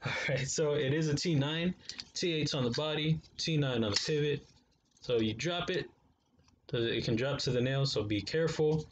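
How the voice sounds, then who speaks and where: A man's voice: on the high side, moderate pace, noisy background. A man reviewing knives in a casual unboxing vlog, talking to viewers in a laid-back, slangy way. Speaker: knife reviewer.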